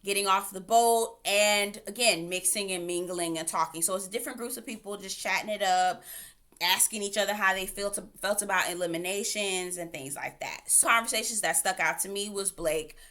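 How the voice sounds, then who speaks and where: Woman ranting about a dating show, bright and punchy, sassy and animated. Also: mid-range voice, moderate pace. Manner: animated, opinionated, sassy asides. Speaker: TV reality show reviewer. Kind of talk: casual recap and commentary vlog.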